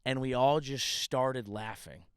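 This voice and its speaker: Outside beside a ditch at a family home, a man who's a comedian and podcast host rambles through profane, self-deprecating stories in a casual monologue for his own show. He speaks at a measured pace in a clear, resonant, medium-pitched voice, captured at studio quality without echo.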